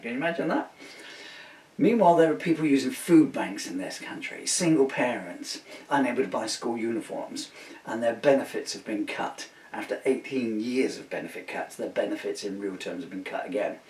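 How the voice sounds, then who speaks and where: A man's voice: fairly low pitch, a little mellow. A man from the UK, a singer-songwriter, rambling in a casual joking monologue at home. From United Kingdom. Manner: joking, chuckling, digressive. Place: home room. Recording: roomy, distant mic, faint hiss.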